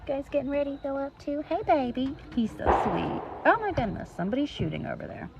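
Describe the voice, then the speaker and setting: Here a woman in her thirties who runs an animal rescue chats loosely for her vlog, standing outside in the rain, cooing at her birds and leaning on lots of fillers. She speaks quickly in a high, creaky voice with big swings in pitch. Heavy background noise sits over dull lo-fi sound, along with faint rain and clucking.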